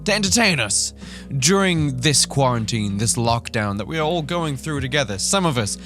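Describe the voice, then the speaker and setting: A man's voice: mid-range voice, sing-song, normal speed, fairly bright tone, soft background music. A man hosting a reaction vlog, ranting animatedly and swearing. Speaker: YouTuber.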